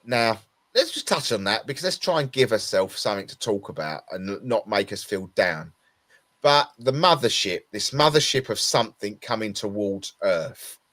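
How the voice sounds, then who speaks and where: With big swings in pitch, a fairly low, slightly bright voice and a moderate pace, an exhausted Essex man co-hosts a casual talk show. He meanders, frequently restarting what he's saying.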